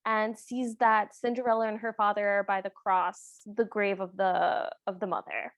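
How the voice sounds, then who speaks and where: A woman's voice: mid-range voice, flat delivery, moderate pace, no echo. A woman co-hosting a podcast, talking through a film's plot in a thoughtful, tentative way. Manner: thoughtful, tentative, hedges with "kind of" and "sort of". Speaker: podcast co-host. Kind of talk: casual chat recapping a film.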